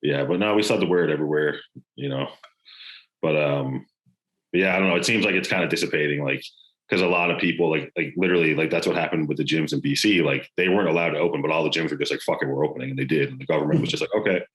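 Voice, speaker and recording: Deep-voiced, fast-talking man. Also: fairly bright tone, rough recording. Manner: laid-back, filler-heavy with lots of "like". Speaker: podcast co-host. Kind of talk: casual chat.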